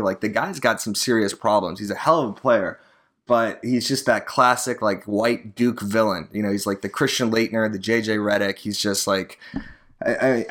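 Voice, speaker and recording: A man's voice: fairly low pitch, a bit bright. A man from Arizona hosting a podcast alone, talking in a rambling, profane and sardonic way. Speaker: podcast host, real estate agent. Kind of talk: casual solo podcast monologue.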